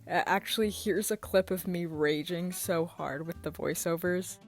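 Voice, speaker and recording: A woman's voice: lowish voice, normal speed, faint music behind. A young woman narrating a scripted commentary video, indignant when calling someone out, rambling and stuttering in the outro. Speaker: commentary YouTuber.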